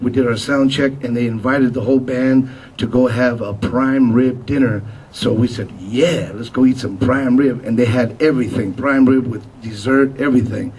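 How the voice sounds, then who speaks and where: A man tells lively anecdotes to a gathered audience at a memorial, in a mid-pitched voice. He sounds set back from the microphone. A faint hiss runs underneath. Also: normal speed. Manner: animated storyteller, acts out quotes. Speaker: musician giving a memorial tribute. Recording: distant mic with faint noise.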